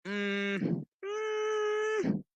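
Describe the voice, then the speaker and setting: A man streaming a TV review as a furious, foul-mouthed rant with loud outbursts. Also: very high voice, sing-song, very slow, dry recording. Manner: heated, swearing constantly, loud outbursts. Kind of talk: profane angry rant.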